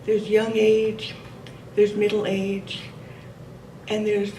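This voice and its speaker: An older woman telling a personal memory to a gathering, gentle and reflective, laughing at times. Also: mid-range voice, completely flat delivery, slow pace, very noisy. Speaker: speaker sharing a memory. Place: meeting room. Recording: roomy hall audio from a distant mic.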